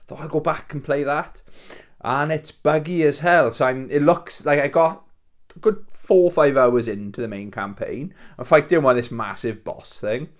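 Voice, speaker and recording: Male game-collecting vlogger: loose, rambling, self-mocking chat to camera from home. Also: medium pitch.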